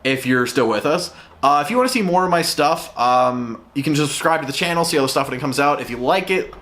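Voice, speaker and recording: A man hosts his own review vlog, ranting with exasperated profanity. His voice sits a little high and swings widely in pitch as he complains. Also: expressive, fast talker, a bit bright. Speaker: show reviewer.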